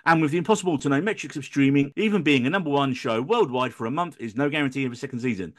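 A man hosting a podcast at a rapid clip, his pitch sitting in an ordinary middle range. He banters casually with his co-hosts and reads a theatrical, sweary rant to open the show. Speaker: podcast host. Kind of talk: casual podcast chat and scripted intro rant.

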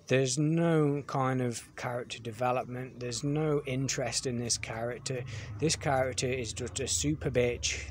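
Male reviewer, blunt ranting delivery, mid-pitched voice, faint background hiss. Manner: blunt, dismissive, repeats "you know what I mean".

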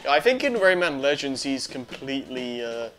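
A young man talks through his gameplay in a loose, rambling way, full of likes, uhs and restarts. Soft game music plays faintly underneath. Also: mid-range voice, big pitch swings, moderate pace. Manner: rambling, many fillers and restarts. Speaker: let's play host. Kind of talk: casual gameplay commentary.

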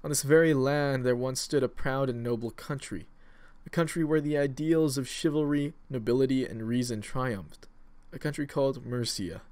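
A silky, menacing male villain with grand plans delivers a pompous, speechifying, rabble-rousing address that builds in volume, voiced by a man. The delivery is close to an everyday voice at a moderate pace, yet deep, silky and almost seductive.

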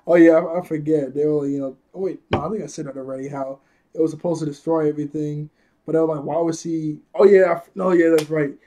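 A man's voice: fairly high pitch, steady tone, fast talker, mellow. A man casually recapping an anime episode, rambling, chuckling often and correcting himself as he goes.

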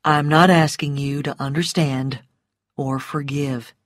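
A woman doing a calm, teasing grown man. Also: unhurried, no room sound, clean studio sound. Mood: tender. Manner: calm, low and teasing, dropping to a murmur. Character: mocking, self-assured grown man, a soldier-to-be.

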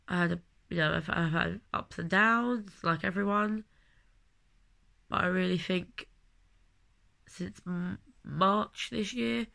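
Here a late-twenties Londoner with a lowish, gravelly, slightly bright voice talks through a personal vlog. Though she has a cold, she keeps rambling on in a heartfelt way.

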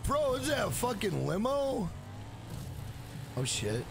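A man's voice: extremely high pitch, slow, vocal fry, background noise. A man streaming a game live, cursing and trash-talking the screen, and greeting and thanking viewers in the chat. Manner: profane, excitable trash talk at the screen. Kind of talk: live-streamed gameplay commentary. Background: game music.

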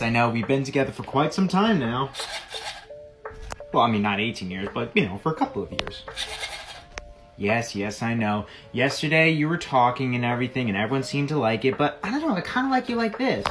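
Excitable late-teen guy, lively pitch, skit host turned mock commentator, music underneath. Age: late teens. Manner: playful, excitable, rising to shouts in commentary. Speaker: video creator.

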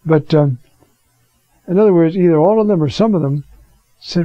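Priest teaching, lo-fi recording. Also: male voice, a little high, moderate pace, warm tone, dry recording. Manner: conversational, rhetorical questions, fillers. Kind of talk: teaching sermon. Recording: dull lo-fi recording.

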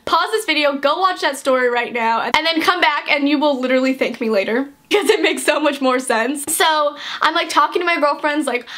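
A young woman vlogger telling a story in a chatty, animated way, full of fillers. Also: high voice, brisk, few pauses. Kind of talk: storytime vlog.

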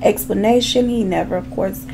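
Woman, gravelly voice, casual storytime, faint room ambience. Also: medium pitch, moderate pace, background noise. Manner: chatty, animated, asides to viewers. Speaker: true crime makeup vlogger.

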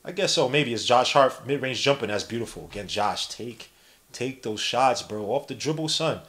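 A young man hosting a podcast, giving casual live play-by-play and reading the chat aloud in an animated, slangy way. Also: medium pitch, normal speed. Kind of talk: casual live-stream commentary.

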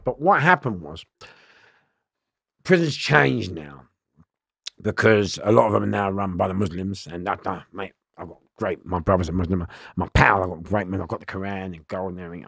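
A middle-aged man, telling prison stories loudly in an interview. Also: sits low, normal speed, gravelly, breathy edge, no echo, studio quality. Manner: loud, lively, laughing storyteller. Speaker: interview guest. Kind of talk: storytelling in an interview.

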